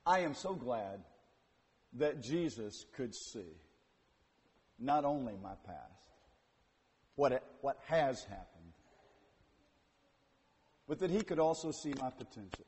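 Man preaching slow and dramatic, high voice, big reverb like a church hall. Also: expressive. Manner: dramatic storytelling, acts out voices, swings from hushed to loud. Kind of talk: sermon.

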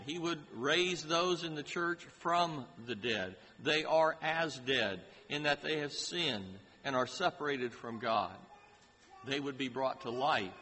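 Slow, bright-voiced preacher in a reverberant hall. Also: male voice, fairly high pitch. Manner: slow, deliberate preaching with emphatic rises on key phrases. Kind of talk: sermon. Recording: hall reverb with faint ambient noise.

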